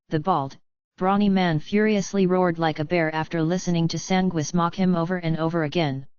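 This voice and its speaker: A woman narrates a fantasy audiobook in a steady, even read. Her voice is smooth and somewhat low. The recording is dry and a little dull and muffled. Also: moderate pace, dry recording. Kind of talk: scripted narration.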